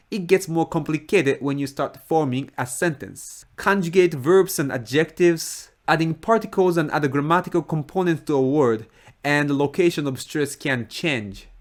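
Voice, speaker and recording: A man with a Japanese accent who speaks Japanese as his first language, explaining a language point in a careful teaching manner and repeating example words slowly. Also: fairly high pitch. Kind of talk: slow, careful lesson explanation.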